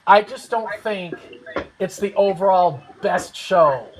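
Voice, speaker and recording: A man's voice: high-pitched, takes it slowly, a little hiss or hum, rough recording. A man hosting a casual online panel chat, rambling and hedging with fillers. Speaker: host.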